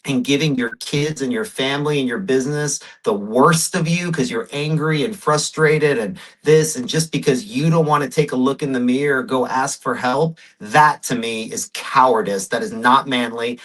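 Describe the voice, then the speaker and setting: A man speaking as a podcast guest, telling his story with emphasis in a relaxed interview. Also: medium pitch, moderate pace, few pauses, poor audio. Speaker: podcast guest, real estate investor. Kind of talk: casual interview talk.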